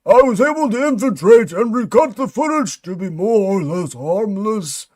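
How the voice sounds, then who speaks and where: A man's voice: sits high, a little mellow. A man voicing a male employee number fifty-three, a conspiracy-minded agent giving a theatrical, urgent report. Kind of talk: dramatic reading of a mystery log.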